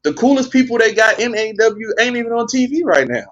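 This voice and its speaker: A man's voice: very high voice, expressive, fast, a bit bright, muffled recording. A man on a wrestling podcast, ranting in casual chat, blunt and profane and exasperated.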